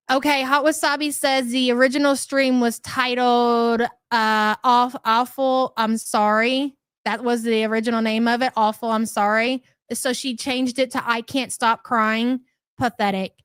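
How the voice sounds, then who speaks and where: A woman's voice: fairly high pitch, fairly bright tone, clean tone, no echo. A woman hosting a casual livestream commentary, sarcastic and scornful, greeting chatters by name as she goes.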